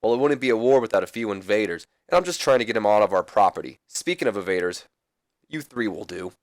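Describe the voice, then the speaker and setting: A man's voice: lowish voice, expressive, fast talker, no echo, studio quality, natural voice. A man voicing a brash, sarcastic wrestler who taunts a rival's bodyguards. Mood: cocky.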